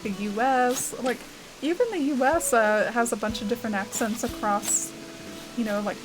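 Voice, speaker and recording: A woman's voice: fairly high pitch, noisy background. A young adult woman streaming a game, chatting casually and reading chat aloud, rambling with lots of "like" and "uh". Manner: chatty, rambling, heavy use of "like" and "uh". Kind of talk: casual chat while playing.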